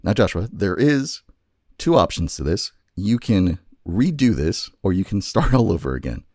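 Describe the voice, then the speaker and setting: Brief: deep husky male podcast host, lively storyteller delivery, dry close sound. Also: dry recording. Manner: low gravelly voice, slow dramatic storytelling. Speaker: podcast co-host telling a choose-your-own-adventure story. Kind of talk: casual chat and dramatic story narration.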